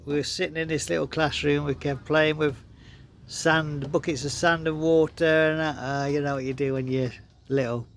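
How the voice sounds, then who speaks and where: A man's voice: on the high side, fairly even intonation, normal speed, a little hiss or hum. Chuckling man telling rambling stories. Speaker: vlogger. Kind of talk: casual storytelling.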